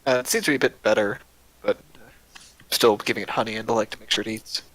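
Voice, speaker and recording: A man voicing a tiny, excitable female fairy who gushes in a squealing, breathless voice. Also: lowish voice, fast, no room sound, low-quality recording. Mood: weary.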